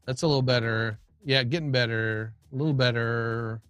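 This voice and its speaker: A man's voice: medium pitch, fairly even intonation, moderate pace, a bit bright, smooth, no echo, soft background music. A man hosting a casual livestream, chatting loosely with viewers while he tweaks his audio setup, often restarting his sentences. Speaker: livestream host. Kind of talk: casual live-stream chat.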